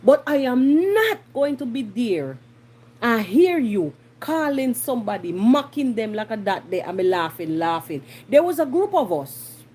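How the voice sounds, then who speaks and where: A Jamaican woman hosting a podcast, giving blunt, animated commentary and slipping into patois. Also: on the high side, measured pace, slightly rough. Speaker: podcast host. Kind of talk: casual commentary monologue.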